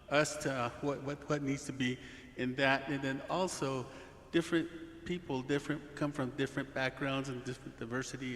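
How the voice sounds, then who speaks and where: A man with a mid-range voice leads a group discussion at a forum, pausing often and restarting his sentences. The room is echoey, with a long reverb tail. A faint rumble hums underneath. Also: a bit bright. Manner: halting, many fillers and restarts. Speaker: forum facilitator. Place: large hall.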